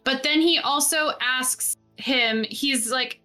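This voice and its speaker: A woman's voice: sits high, slow pace, pushed and bright, faint music behind. A woman running a tabletop game as game master, narrating in a chatty way with many fillers.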